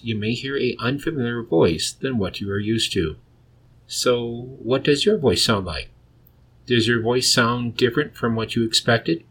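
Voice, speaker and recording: A man hosting a solo podcast, reading a script in a plain, measured way with a deep voice. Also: fairly bright tone, husky. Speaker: podcast host.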